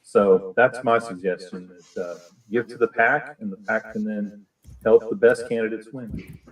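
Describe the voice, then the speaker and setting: A man's voice: fairly low pitch, fairly even intonation, normal speed. A man on an online meeting who talks in a matter-of-fact, direct way. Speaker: deputy director of finance. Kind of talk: casual video-call meeting. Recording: distant call audio with faint noise.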